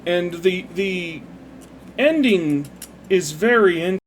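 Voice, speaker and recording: A man's voice: high voice, lively intonation, slow pace. A man chatting casually while building a model. He rambles, swears freely and loses his thread as the build distracts him. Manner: meandering, profane, easily distracted by the build. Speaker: model builder retelling a parable.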